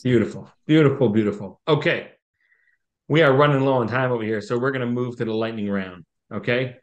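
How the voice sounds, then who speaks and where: A man's voice: mid-range voice, brisk, lo-fi sound. A man hosting an interview in a casual, playful and teasing way, keeping the time. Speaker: host.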